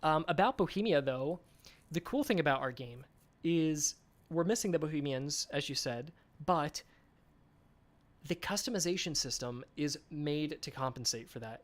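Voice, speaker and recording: A man hosting a game developer live stream in a casual chat, reading viewer comments aloud and answering them with enthusiasm. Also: a little high. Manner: enthusiastic, chatty.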